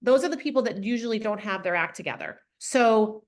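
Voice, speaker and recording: A woman's voice: mid-range voice, expressive, fairly quick. A woman guest in an interview, speaking bluntly and frankly, with many fillers and restarts. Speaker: interview guest, funding consultant. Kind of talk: casual interview talk.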